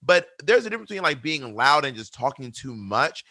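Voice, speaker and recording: A man co-hosting a podcast, chatting casually in a sassy, animated, jokey way. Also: medium pitch, fairly quick, dry recording. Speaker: podcast co-host. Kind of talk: casual chat.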